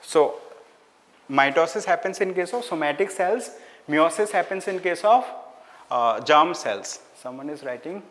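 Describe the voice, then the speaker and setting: A man with an Indian English accent lectures a class in a slightly high voice, repeating key words and slipping into Hindi phrases. The room carries a long, hall-like reverb. The scratch of writing on a board runs under his talk. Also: animated, measured pace, a bit bright. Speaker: teacher.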